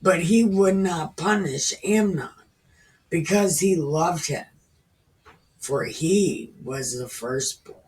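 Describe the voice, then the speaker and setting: A woman in her thirties reading scripture at an unhurried pace and breaking in with crude, irreverent asides. She sounds set back from the microphone. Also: fairly low pitch, darkish tone. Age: 30s. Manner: irreverent, profane, slangy paraphrase. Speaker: reader. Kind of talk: casual scripture reading with commentary. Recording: distant from the mic.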